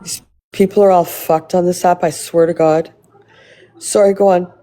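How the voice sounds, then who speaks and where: A woman's voice: lowish voice, steady tone, normal speed, mellow. A woman reacting bluntly and scornfully on a live stream, swearing freely.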